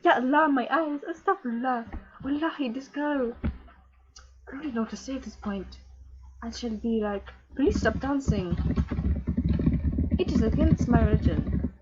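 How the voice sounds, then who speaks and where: Woman doing a pious Somali immigrant gamer, Somali accent, broken English, moralizing, high husky voice, muffled recording. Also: a little slow, long pauses, noisy background. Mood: scolding. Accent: put-on Somali accent. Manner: preachy, scandalized, broken English. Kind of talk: in-character troll gameplay commentary. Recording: dull lo-fi recording.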